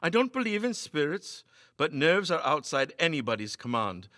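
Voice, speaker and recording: An uneasy young man, as a storyteller puts him on, speaking earnestly and carefully, trying to hold his nerves. The voice is slightly high and animated, recorded close and dry. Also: moderate pace, no echo. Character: uneasy young man, rational but nervous.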